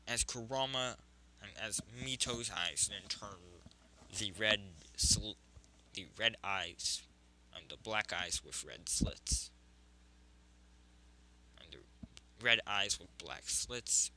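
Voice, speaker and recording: Guy narrating a fan story, slow and rambly, bright lowish voice. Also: a little hiss or hum, poor audio. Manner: rambling, frequent self-corrections.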